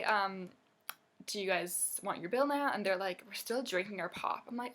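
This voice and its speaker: A woman's voice: mid-range voice, normal speed, fairly bright tone. A young woman and waitress telling a story to her camera in a casual, exasperated rant, swearing freely. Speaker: vlogger, waitress.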